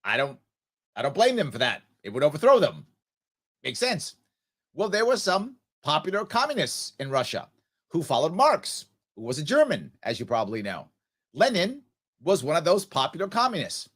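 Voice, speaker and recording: A man's voice: fairly high pitch, wildly swooping pitch, moderate pace, a bit bright, breathy edge. A man hosting a political talk radio show, telling a history story with rhetorical questions and answering them himself.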